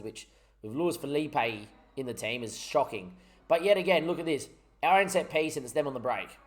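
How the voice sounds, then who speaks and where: A young man giving frustrated, rambling commentary over his own gameplay, swearing often. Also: mid-range voice. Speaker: gaming YouTuber.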